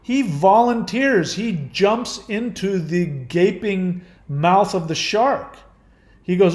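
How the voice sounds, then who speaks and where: An older man with a somewhat high voice delivers blunt, profane advice to his viewers, firing off rhetorical questions. He drifts into halting restarts when he muses. The recording has a roomy echo. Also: a little mellow. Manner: trails off and restarts often when musing. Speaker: channel host answering viewer questions. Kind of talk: casual advice monologue.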